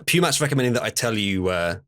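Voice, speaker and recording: A man's voice: lowish voice, animated, fast, fairly bright tone. A man streaming, chatting casually and telling a story with lots of hesitant fillers. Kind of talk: casual chat.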